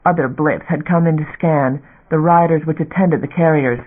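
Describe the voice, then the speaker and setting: A man narrating a science fiction audiobook in a steady, dramatic reading. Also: a little high, moderate pace. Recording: narrow phone-like audio.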